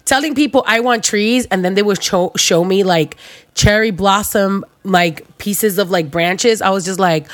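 A woman hosting a casual chat, telling stories with animated energy and acting out quotes with frequent laughter. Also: mid-range voice, unhurried. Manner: animated, laughing storyteller who acts out quotes. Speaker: host.

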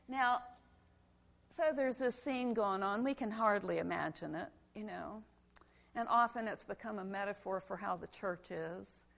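A woman pastor giving a lively sermon in a church, telling a story and acting parts out with volunteers. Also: medium pitch, vocal fry. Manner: animated storyteller, demonstrates with volunteers. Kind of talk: children's sermon with props.

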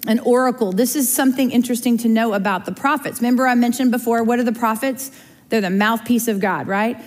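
A woman with a fairly high voice talks fast while leading a Bible study in a relaxed, chatty style, frequently checking in with her listeners. A large room's long reverb surrounds her voice.

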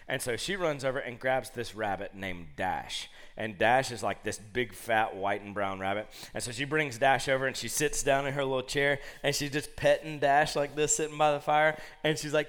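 A man in his thirties preaching a sermon, talking casually and acting out quotes with lively voices while telling family stories. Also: brisk. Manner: animated, conversational, acts out quotes in high voices.

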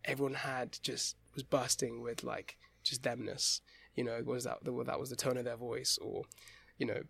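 Gravelly young man, chatty. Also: medium pitch, level tone, moderate pace, fairly bright tone, slight background noise. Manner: rambling, with many restarts and laughs. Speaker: interview guest, stage actor. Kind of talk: casual conversational interview.

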